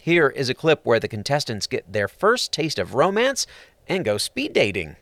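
Upbeat male host for a streaming-picks segment; animated, dry voice-over. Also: mid-range voice, normal speed, no room sound. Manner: upbeat, playful presenter delivery. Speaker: entertainment show host. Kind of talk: scripted entertainment narration with puns.

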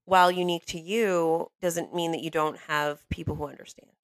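A woman's voice: deep voice, fairly even intonation, moderate pace, no echo. A woman on a film podcast panel, talking through her ideas thoughtfully and often checking that the others follow. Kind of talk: casual film discussion.

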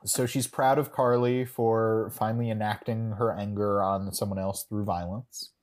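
A man's voice: on the low side, steady tone, moderate pace, darkish tone. A man co-hosting a podcast, recapping an episode in casual chat, rambling and correcting himself with dry humor. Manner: rambling, self-correcting, wry. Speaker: podcast co-host.

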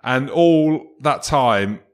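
Scottish man, teasing, ribbing questions, ordinary mid pitch, relaxed podcast chat. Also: very slow. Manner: teasing, mock-interrogating. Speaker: podcast co-host. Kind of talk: casual banter.

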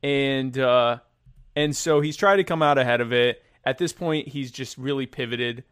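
A man in casual political chat, rambling and sarcastic, with many halting restarts. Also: mid-range voice, fairly bright tone, clear, resonant tone, no echo, studio quality.

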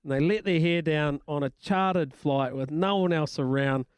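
A man with a New Zealand accent co-hosting sports radio, animated and blokey when giving his opinions. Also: on the high side, normal speed, smooth, no echo. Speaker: radio co-host, former rugby referee. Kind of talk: casual sports radio chat. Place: radio studio. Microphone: studio mic.

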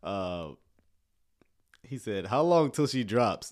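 A man casually commenting on a church video, joking and talking in a relaxed, slangy way. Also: medium pitch, measured pace. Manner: laid-back, joking, Southern US slang like "y'all".

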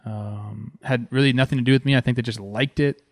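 A man in his thirties from Southern California, a former pro ballplayer telling a story with excitement as he talks over game footage. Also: mid-range voice, a little fast, no room sound, studio quality. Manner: excited and animated, says "man" a lot. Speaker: former pro baseball player hosting a video series.

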